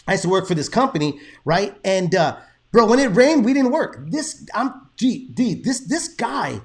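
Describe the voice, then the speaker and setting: High-voiced laid-back host. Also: male voice, big pitch swings, moderate pace. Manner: laid-back storytelling, swears freely, slips into Spanish. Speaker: boxing podcast host. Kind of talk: casual chat.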